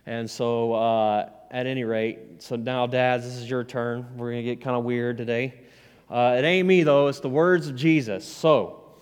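A man's voice: medium pitch, smooth. Male pastor, plainspoken sermon delivery, resonant tone, reverberant hall sound. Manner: plainspoken, conversational preaching with folksy asides.

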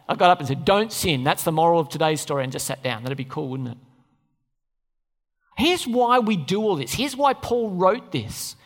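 A man's voice: high voice, a bit bright. A pastor preaching a conversational sermon to his church, often turning questions to the listeners. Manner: conversational, asks the audience questions. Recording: long hall reverb.

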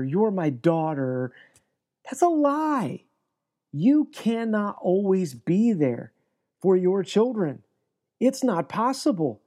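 A man's voice: sits high, dark tone. A man preaching an earnest, emphatic sermon as pastor, often restarting his phrases.

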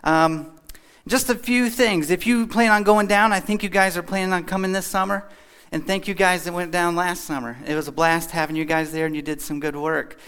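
A man from Kentucky speaks to a church crowd in a loose, chatty way, cracking jokes as he goes. His voice sits a little on the high side. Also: fairly even intonation, normal speed, a bit bright, clear, resonant tone. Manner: chatty, joking, folksy. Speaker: guest speaker. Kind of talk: casual church talk with jokes. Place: church hall.

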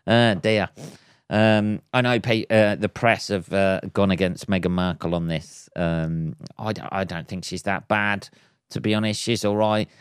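Low-voiced guy swearing his way through a podcast rant, smooth, dead dry sound. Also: steady tone, measured pace, no room sound. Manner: sweary, mocking, chuckling, acts out quoted voices. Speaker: podcast host. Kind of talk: casual solo podcast rant.

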